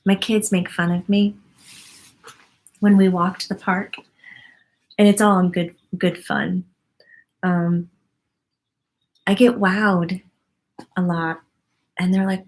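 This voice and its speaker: A woman in her forties hosts a live stream, reading her viewers' comments aloud at an unhurried pace. She is effusive and full of wonder, and laughs often as she chats. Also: fairly low pitch, little pitch movement, a little mellow. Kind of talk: casual live-stream chat.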